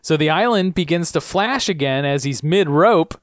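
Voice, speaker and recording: A chatty man co-hosting a podcast who recaps a TV show with a very lively, swinging pitch. He laughs often and slips into character voices. The sound is close and dry. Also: normal speed, no echo. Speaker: podcast co-host. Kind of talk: casual TV recap chat.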